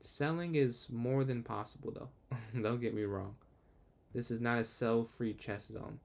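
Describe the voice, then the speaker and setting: A young man streams a chess game, thinking out loud in an easy, conversational way. His pitch sits mid-range for a man, and he drifts between muttered calculations and quick remarks to his viewers. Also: gravelly. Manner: thinks aloud, quick asides to chat; excitable outbursts when the game turns. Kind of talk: casual live game commentary.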